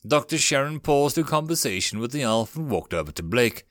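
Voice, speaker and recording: Expressive male audiobook narrator. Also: medium pitch, brisk, few pauses, no echo, clean studio sound. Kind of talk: audiobook reading of a web novel.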